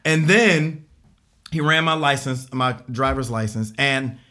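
A man in his 40s, speaking at medium pitch and a measured pace, shares a long personal story on a podcast panel. The casual telling is animated, with him acting out others' voices and laughing along the way.

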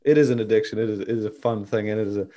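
Relaxed low-voiced male podcast host. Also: rapid-fire. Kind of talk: casual chat.

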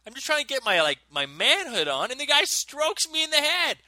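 A man in his thirties, a podcast co-host, telling stories in an animated way and laughing often. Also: extremely high pitch, fairly quick, no room sound. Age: 30s. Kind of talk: casual chat.

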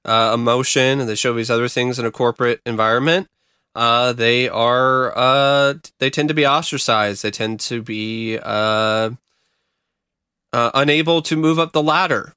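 A man's voice: mid-range voice, moderate pace, bright, forceful tone, clear, resonant tone, no echo, studio quality. A man co-hosting a casual podcast chat, rambling and hedging with many restarts. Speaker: podcast co-host.

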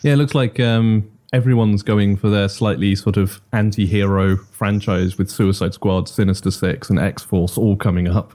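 A man's voice: fairly low pitch, steady tone, moderate pace, few pauses, mellow. A man co-hosting a casual podcast chat about comic book films, joking wryly. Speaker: podcast co-host.

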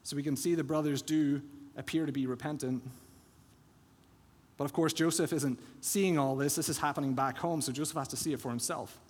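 A man's voice: fairly high pitch, steady tone, fairly quick, a little mellow, husky. A man preaching a sermon as pastor, retelling scripture scenes in an earnest, expository way. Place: church sanctuary. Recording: long church hall reverb.

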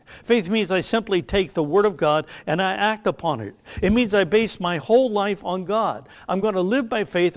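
An older man, a pastor, delivering a sermon with emphatic, measured phrasing that slows on key lines. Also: fairly high pitch.

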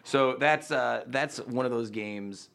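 A man's voice: medium pitch, slow, gravelly. A man in his thirties from upstate New York, chatting on a podcast and telling stories with acted-out quotes and plenty of swearing. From Utica, New York, USA. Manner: animated storyteller who acts out quotes and swears freely. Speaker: podcast guest. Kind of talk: casual chat.

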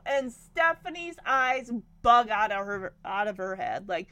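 A woman casually recapping a sitcom episode, animated and acting out the characters' lines. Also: on the high side, moderate pace. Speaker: recap vlogger.

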